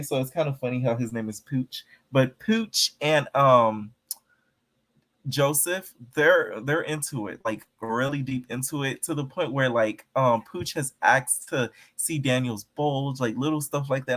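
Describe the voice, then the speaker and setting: A man chatting in a sassy, slang-heavy way about reality TV, speaking straight to his viewers. His voice sits in a middle pitch, and the delivery is gossipy and full of attitude. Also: a bit bright. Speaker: reality TV commentator. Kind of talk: casual commentary vlog.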